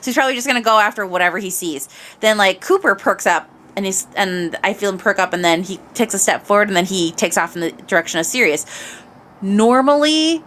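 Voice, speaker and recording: A woman hosting a podcast tells a casual anecdote into her mic, animated and expressive, sinking to low mutters and climbing to shrieks. She talks fairly quickly, with slight background noise.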